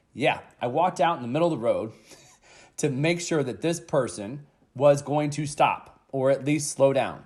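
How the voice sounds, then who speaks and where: An energetic man in his thirties talks straight into a podcast mic, his voice sitting at an ordinary middle pitch. He tells stories with emphatic punches and casual fillers, and swears now and then. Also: moderate pace. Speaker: podcast host. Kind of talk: motivational podcast monologue.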